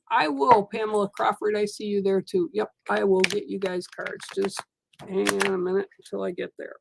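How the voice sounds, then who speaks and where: A woman giving a live oracle card reading, talking in a gentle, reassuring and rambling way. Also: medium pitch, steady tone, normal speed, vocal fry, heavy background noise. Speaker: spiritual card reader.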